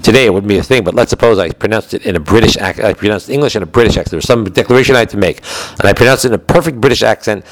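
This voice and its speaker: A man with an American accent giving a lesson on Jewish law, explaining in a quick, conversational way with frequent restarts. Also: lowish voice, no room sound, rough recording. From United States. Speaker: Torah teacher.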